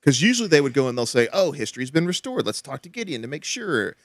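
A man's voice: medium pitch, big pitch swings, quick pace, no echo. Man, podcast host, chatty, lots of restarts, dry close sound. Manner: chatty, many restarts and laughs. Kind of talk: casual chat.

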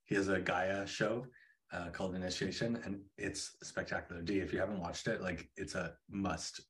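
A man hosting a casual spiritual chat, talking in a relaxed, rambling way with many fillers. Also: low voice, normal speed. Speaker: host.

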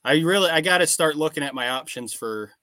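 A man hosting a casual podcast, speaking plainly about his farm and answering with quick short affirmations. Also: on the high side, expressive, bright, forceful tone, no room sound. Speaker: podcast host and farmer.

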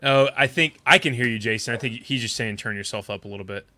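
A man co-hosting a podcast in relaxed, rambling chat, laughing often. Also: mid-range voice, fast talker, no echo. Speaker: podcast co-host and voice actor.

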